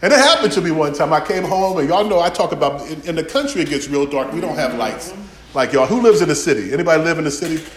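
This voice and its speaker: A man preaching a sermon, telling lively stories and acting out dialogue. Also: on the high side, fast, reverberant.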